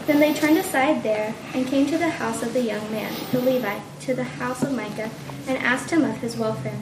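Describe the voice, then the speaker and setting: A woman reading a long scripture passage aloud in a steady, even manner. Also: a little high, normal speed. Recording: roomy, distant from the mic, noisy.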